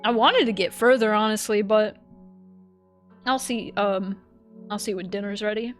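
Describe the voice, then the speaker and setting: A woman livestreaming a game and chatting casually, animated, laughing often and swearing freely. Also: mid-range voice, moderate pace, soft background music. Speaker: streamer.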